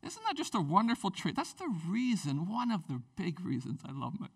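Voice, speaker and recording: A man, a pastor, preaching a sermon in a church, swinging between loud, animated bursts and quiet asides with a playful tone. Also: high-pitched, fairly quick, creaky, recorded from a distance. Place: church sanctuary.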